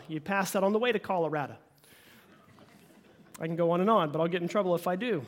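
Folksy Oklahoma pastor with a high voice. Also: male voice, quick pace, pauses often. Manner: folksy and joking, with playful asides. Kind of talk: sermon.

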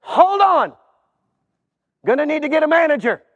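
A man voicing a brusque male gatekeeper at heaven's gates who loudly interrogates a newcomer. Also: very high voice, sing-song, normal speed, in a large hall, highs cut off, exaggerated voice. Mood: interrogating. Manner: loud, incredulous, interrogating.

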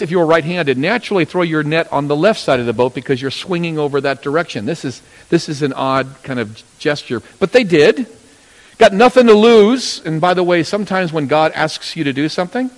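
A man preaching a sermon, telling a Bible story and acting out its characters in sudden loud bursts. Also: on the high side. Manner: storytelling, acting out voices of biblical figures with sudden loud rises. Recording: long hall reverb.

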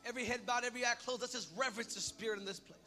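Very high bright preacher guy, yells then goes soft, big echoey church hall, music under it. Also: steady tone, rapid-fire. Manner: shouting and rising in bursts, then quiet prayer. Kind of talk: sermon. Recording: long hall reverb with music behind.

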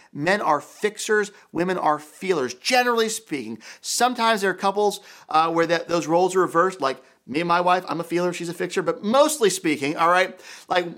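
A man's voice: sits high, a little fast, a bit bright. A man preaching a sermon as pastor, emphatic and repeating key phrases for weight.

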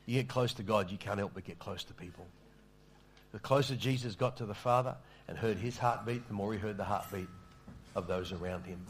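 Pastor, low conversational voice. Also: male voice, a little fast, a little hiss or hum. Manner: conversational, self-deprecating, stammers on restarts. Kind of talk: sermon with storytelling.

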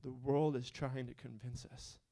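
A man preaching a sermon, moving between quiet questioning and loud, fervent appeals. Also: medium pitch, level tone, unhurried.

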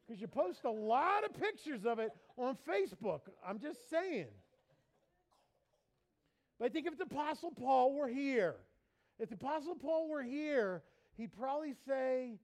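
A man preaching in a church as pastor, lively and playful, mimicking people for laughs. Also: very high voice, moderate pace. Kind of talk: sermon.

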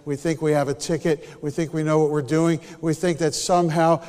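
A man preaching a sermon, telling a story with animated energy and then dropping to a hushed, near-whispered delivery. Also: fairly high pitch, fairly quick, big-room sound.

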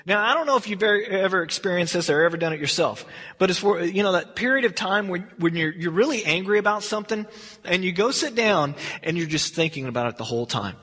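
A man's voice: sits high, lively intonation, quick pace, pushed and bright, slightly rough. A man teaching a verse-by-verse Bible study, telling the story in a rambling, conversational way. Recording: long hall reverb.

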